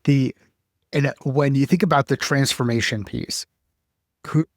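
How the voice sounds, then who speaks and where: A man's voice: mid-range voice, fairly even intonation, a little slow, dry recording. Male podcast host, casual, rambling questions, dry close sound. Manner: loose, thinking aloud, "like" fillers.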